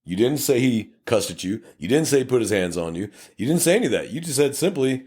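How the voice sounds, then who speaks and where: On a casual storytelling podcast, a middle-aged Texan cop and co-host tells his stories in a fairly low, husky voice. Blunt and profane, he gets animated acting out traffic stops from both sides, quickly voicing irate drivers and officers.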